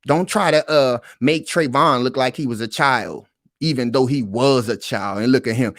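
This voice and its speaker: A man with a mid-range voice speaking pauses a news clip over and over to break it down for his viewers. He talks with heavy emphasis, repeats his points and keeps calling on his audience. The recording is dry, with almost no room sound. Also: medium pitch, fairly bright tone, no room sound. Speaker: commentary host reacting to a news clip. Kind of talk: reaction commentary.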